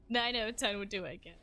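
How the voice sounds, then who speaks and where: A young adult woman streaming a game live, reacting excitably, swearing and making fun of herself. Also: mid-range voice. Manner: excitable, swears, self-deprecating outbursts. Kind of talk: live gameplay commentary.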